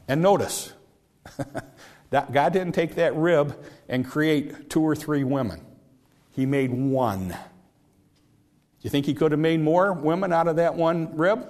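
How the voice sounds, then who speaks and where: A man's voice: mid-range voice, a little mellow. A man preaching a sermon in a conversational way, often repeating words and restarting his sentences.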